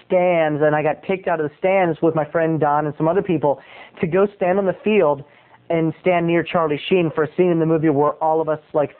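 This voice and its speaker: A man telling a comic story as a show host in a theatrical way, his voice often jumping up into high squeaks. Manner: theatrical, with sudden high squeaky jumps in pitch. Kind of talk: comedic storytelling monologue. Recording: tinny lo-fi tape recording.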